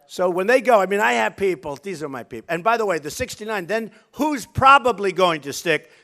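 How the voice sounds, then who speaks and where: Man, political candidate, rally stage speech, high-pitched, boastful, repetitive. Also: lively intonation, a little fast, bright, forceful tone. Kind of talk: off-the-cuff campaign rally speech.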